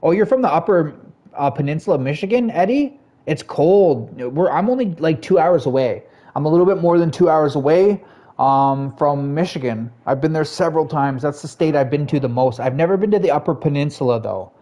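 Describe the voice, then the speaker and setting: A man streams a video game and chats casually with his viewers, greeting them and answering their messages in a chatty, laid-back way while laughing often. His voice is fairly high and warm, with lively intonation and a brisk pace.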